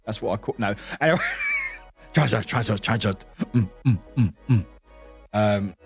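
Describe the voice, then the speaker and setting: A man's voice: high-pitched, a little fast, faint music behind. A man from the UK, a streamer chatting casually and animatedly with his live chat from home. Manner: animated, laughing, greeting chat by name. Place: home room.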